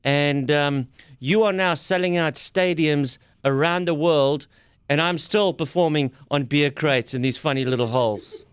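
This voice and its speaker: Smooth-voiced male radio host. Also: on the high side, unhurried, dry recording, studio quality. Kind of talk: radio interview.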